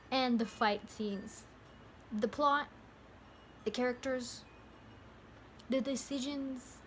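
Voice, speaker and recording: A woman's voice: on the high side, slight background noise. A young woman talking casually to camera in a movie review vlog, rambling and interrupting herself with lots of fillers. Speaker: vlogger.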